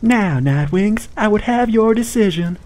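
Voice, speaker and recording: Uomo in falsetto per una solenne ufficiante donna. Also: male voice, animated, a little slow, darkish tone. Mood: commanding. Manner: ceremonious, lofty speech.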